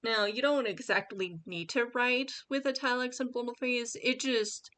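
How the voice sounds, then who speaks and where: A woman with a fairly high, bright voice speaks a little slowly while hosting her own channel, offering casual writing advice in a screen-share tutorial. She rambles with lots of fillers and restarts, and reads aloud a sample paragraph she wrote.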